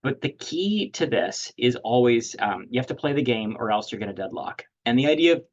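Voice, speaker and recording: A man's voice: mid-range voice, sing-song, brisk. A man presenting a webinar lecture on negotiation, talking loosely with many fillers and restarts. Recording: dull lo-fi audio.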